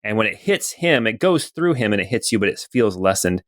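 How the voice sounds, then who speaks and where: A man narrating as dungeon master in a calm, methodical way, filling pauses with "okay" and "um.". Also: on the low side, no echo, clean studio sound. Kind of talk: narrating a tabletop game.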